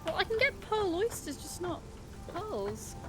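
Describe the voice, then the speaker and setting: A woman's voice: extremely high pitch, very animated, unhurried, over music. A British woman chatting casually while playing a game, swearing at it and laughing often. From Britain. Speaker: co-host gaming. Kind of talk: casual gaming chat.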